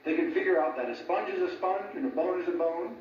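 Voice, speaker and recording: A man giving an informal lecture, animated, laughing at his own jokes and often asking "right?". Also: high voice, fast, a little hiss or hum. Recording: echoey room from a distant mic, dull sound.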